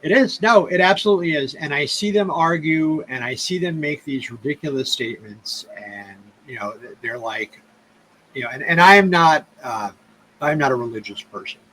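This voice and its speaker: A man's voice: on the high side, expressive, moderate pace, a bit bright, a little hiss or hum, poor audio. A man hosting a casual interview podcast, talking bluntly and heatedly with plenty of swearing. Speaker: podcast host.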